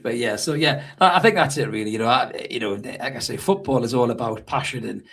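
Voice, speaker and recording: A man co-hosting a live fan show from a hotel room, talking football in a sweary, animated way and telling stories. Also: mid-range voice, quick pace, slightly rough. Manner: sweary, animated storytelling with mimicked shouts. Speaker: podcast co-host. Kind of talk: casual live fan chat. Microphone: remote call over hotel Wi-Fi.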